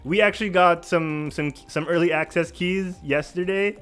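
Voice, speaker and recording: A man hosting a casual gaming livestream, excitable, repeating himself and laughing often. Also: high-pitched, normal speed, smooth, faint music behind. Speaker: podcast host.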